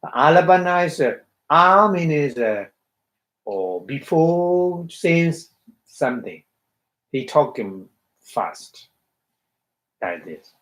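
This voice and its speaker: A man with a Burmese accent giving a Buddhist dharma talk, halting and full of fillers, acting out little quotes as he explains. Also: a little high, sing-song, fairly bright tone, poor audio. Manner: halting, many fillers, acts out quotes with laughter. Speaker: Buddhist monk teacher.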